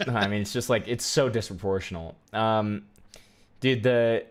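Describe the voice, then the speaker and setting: A man's voice: fairly low pitch, moderate pace. A man streaming and reacting to videos, chatting casually, exasperated and swearing often. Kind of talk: casual commentary.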